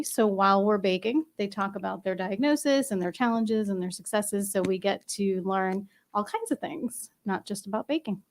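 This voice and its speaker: A woman guest on a casual podcast, explaining her shows in an upbeat, chatty way. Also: mid-range voice. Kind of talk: casual interview chat.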